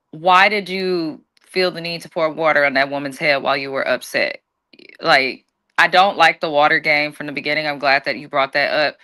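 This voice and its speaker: A woman's voice: low-pitched, sharp tone. A woman co-hosting a reality-TV recap, giving her opinions in a blunt, profane rant. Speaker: co-host. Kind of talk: casual recap commentary.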